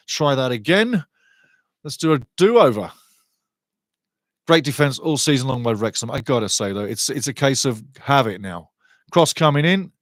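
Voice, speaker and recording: A middle-aged man hosting a live match watchalong, commentating on play and chatting with viewers in a lively, excitable way. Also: no room sound, studio quality. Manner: excitable, chatty, rises in pitch and volume on attacking play. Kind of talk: live fan commentary with chat reading.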